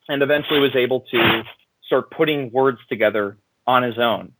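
A man calling in to a show, telling a story in an animated way, repeating words and acting out what people said. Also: medium pitch, fairly quick, noisy background. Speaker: caller. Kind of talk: casual phone-in conversation.

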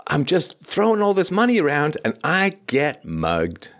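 A man's voice: on the high side, huge pitch swings, a little slow, fairly bright tone. A man hosting a livestream, delivering a sarcastic, theatrical commentary monologue. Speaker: host and philosopher.

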